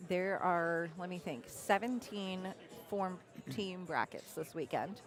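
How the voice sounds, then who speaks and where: A woman commentating a live pool match, breaking down shots in a measured, analytical way with a dry sense of humor. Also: on the low side, soft background music. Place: pool hall.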